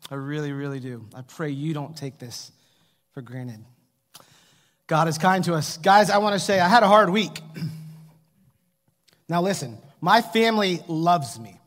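A man's voice: fairly high pitch, fairly bright tone. A middle-aged man preaching a sermon as pastor, telling humorous family stories and asking the congregation to answer. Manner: humorous storytelling, asks the congregation for replies. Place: church hall with long reverb. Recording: echoey church hall.

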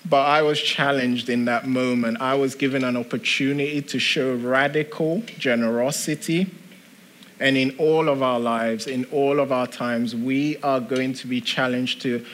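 A man pastor delivering a sermon, deliberate and repetitive, asking the congregation rhetorical questions. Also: medium pitch, fairly even intonation, fairly bright tone, a little hiss or hum.

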